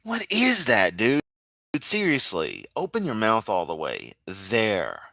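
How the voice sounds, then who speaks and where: Low, bright-voiced sarcastic male streamer. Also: huge pitch swings, a little slow, creaky, dry recording, studio quality. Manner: sarcastic and mocking, with frequent laughs. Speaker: livestream host reacting to clips. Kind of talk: casual live commentary.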